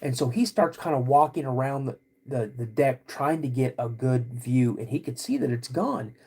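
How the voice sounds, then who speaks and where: A man hosting a podcast, vividly retelling a personal story in a halting way, with many restarts. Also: mid-range voice, lively intonation, darkish tone, husky. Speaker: podcast host.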